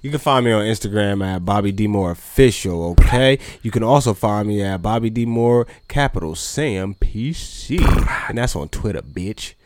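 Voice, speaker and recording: A man with a fairly low voice trading slangy jokes in casual podcast banter. His delivery is playful and loose, and the sound is close and dry, with no room around it. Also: expressive, normal speed, hardly any pauses, darkish tone, no echo. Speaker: podcast co-host.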